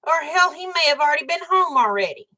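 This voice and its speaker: Woman, older, higher voice, livestream chat, blunt, angry, swearing. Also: expressive, quick pace, background noise. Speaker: livestream host. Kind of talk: casual livestream chat with viewers.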